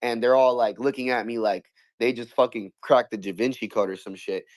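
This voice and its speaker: A man's voice: medium pitch, a little fast, very noisy. A man telling a long story in casual chat, swearing a lot, stumbling over restarts and acting out what others said. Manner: animated, profane, many restarts, acts out quotes.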